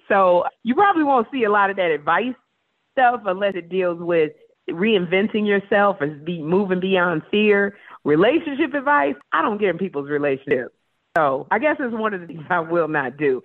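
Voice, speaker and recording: A woman guest in a casual interview, telling stories with animated energy and acting out voices. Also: medium pitch, normal speed, no echo. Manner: animated storyteller, acts out voices. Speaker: talk show host guest. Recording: tinny phone line.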